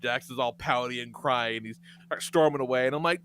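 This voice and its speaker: A man hosting a podcast, telling profane, animated stories in casual chat and laughing often. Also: medium pitch, fairly quick, slight background noise. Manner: profane, animated storyteller who laughs a lot. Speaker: podcast host.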